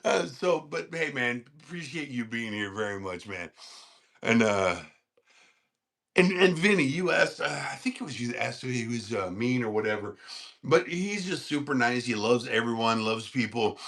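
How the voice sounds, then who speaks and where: A man hosts a casual livestream, rambling and laughing while answering chat and talking to his dog in a high, sing-song voice. He is expressive, speaks at a normal speed, and has a fairly bright tone.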